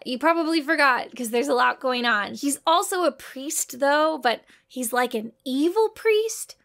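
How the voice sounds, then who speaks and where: A woman's voice: high-pitched, animated, unhurried, a bit bright. A woman giving scripted, dry and sarcastic comedic commentary in a review video.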